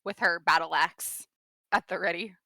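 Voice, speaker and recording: A woman's voice: fairly low pitch, fairly even intonation, moderate pace, creaky, pushed and bright, dry recording. A woman playing in a tabletop game, describing how her character reacts. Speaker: player. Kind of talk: casual tabletop role-play.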